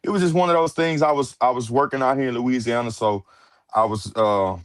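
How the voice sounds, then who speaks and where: A musician from Houston chats easily as an interview guest, his mid-range voice a little fast with no echo. He's easygoing, restarts often, says "uh" a lot, and politely answers "yes, ma'am."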